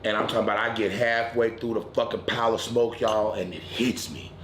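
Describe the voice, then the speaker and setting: A man hosting his weekly smoke-session stream, telling a wild story in a casual, profane, animated way from home. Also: lowish voice, brisk, hardly any pauses, roomy sound, slight background noise. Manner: profane, animated storyteller who turns loud and excited at the climax. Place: at home in a residential area.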